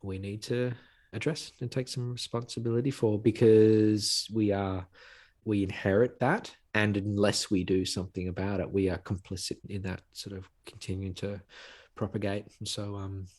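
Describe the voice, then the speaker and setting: A man speaking as a podcast guest, with a lowish voice that has a husky edge. He talks earnestly, driving points home by repeating phrases, in a conversational interview. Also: flat delivery, normal speed, a little mellow.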